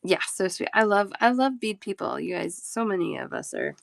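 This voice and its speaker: A woman's voice: mid-range voice, sing-song, normal speed, vocal fry. A woman in her thirties, a talkative and giggly live-stream bead seller chatting casually with her viewers.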